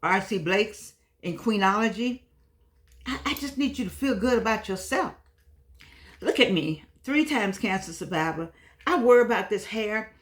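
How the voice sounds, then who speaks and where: A woman's voice: mid-range voice, lively intonation, moderate pace. Older woman giving a heartfelt talk. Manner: warm-hearted, repetitive, pet names for viewers. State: frustrated. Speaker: vlog host. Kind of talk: casual motivational talk to viewers.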